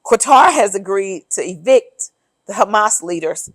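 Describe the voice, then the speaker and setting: A woman's voice: medium pitch, expressive, unhurried, dry recording. A woman co-hosting a casual political chat, emphatic and sardonic as she lays out her points one by one. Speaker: podcast co-host.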